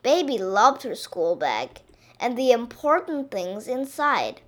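A woman reading a children's picture book aloud in an expressive, drawn-out way. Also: a little high.

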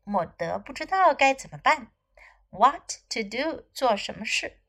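A woman English teacher reading a children's story aloud in two languages, with slow, clear teaching delivery and repetitions. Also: a little high, sing-song, a bit bright.

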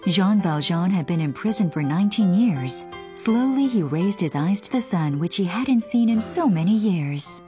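A woman narrating a children's storybook in an expressive storytelling cadence. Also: on the low side, moderate pace, hardly any pauses, faint music behind.

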